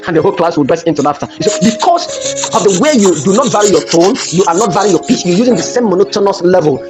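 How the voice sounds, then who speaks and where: Fast-talking man lecturing teachers. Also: high-pitched, music in the background. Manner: emphatic, repeats phrases, tells classroom stories. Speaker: teacher trainer. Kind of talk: workshop lecture.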